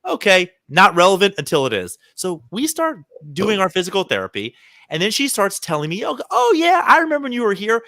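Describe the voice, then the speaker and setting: Animated man telling stories, bright voice. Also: high voice, fairly quick, no room sound, studio quality. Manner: animated storyteller, acts out quoted people. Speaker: podcast co-host. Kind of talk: casual chat, storytelling.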